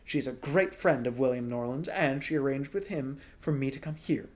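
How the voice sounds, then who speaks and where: A man voicing an earnest, insistent young teenage boy who pleads loudly and high. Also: moderate pace, natural voice.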